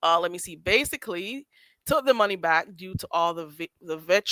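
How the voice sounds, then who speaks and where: Sassy bright-voiced woman streamer. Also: lowish voice, moderate pace, dry recording. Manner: sassy, animated, laughing often. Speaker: livestream host. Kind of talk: casual commentary chat.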